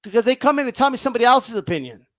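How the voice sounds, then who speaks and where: A man's voice: extremely high pitch, animated, very fast, dry recording. A man hosting a casual boxing livestream, ranting bluntly and profanely and reading viewer comments aloud.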